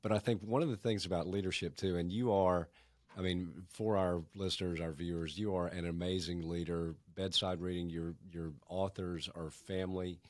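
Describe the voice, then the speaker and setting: Deep-voiced male podcast host. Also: steady tone, normal speed, dry recording. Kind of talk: podcast interview.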